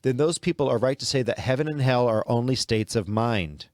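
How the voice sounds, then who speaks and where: A man's voice: medium pitch, lively intonation, brisk, no room sound, studio quality. A man hosting a podcast, talking earnestly in a preaching manner and reading quotes aloud. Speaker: podcast host. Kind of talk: sermon-like commentary.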